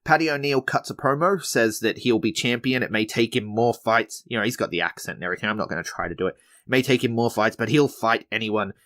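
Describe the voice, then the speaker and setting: A man's voice: lowish voice, fast, a bit bright. A man hosting a wrestling podcast, recapping episodes in a chatty, laid-back way with frequent restarts. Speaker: podcast host reviewing wrestling shows. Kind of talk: casual recap commentary.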